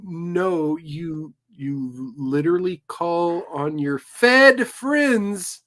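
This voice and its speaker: Sarcastic, cussing stream host. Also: male voice, on the high side, expressive, very slow, a bit bright. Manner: sarcastic, profane, incredulous. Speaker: livestream host. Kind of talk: casual commentary on clips.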